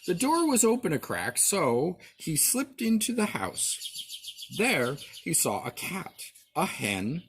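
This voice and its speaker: A man, a father, reading a storybook aloud to his child, expressive, with small slips and restarts. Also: high voice, slow, a little hiss or hum.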